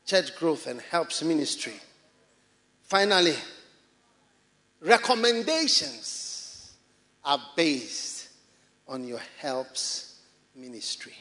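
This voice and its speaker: A man with a Ghanaian English accent preaching a sermon in a church, animated and often laughing as he mimics people's excuses. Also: fairly high pitch, takes it slowly, pauses often. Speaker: pastor. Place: large church hall.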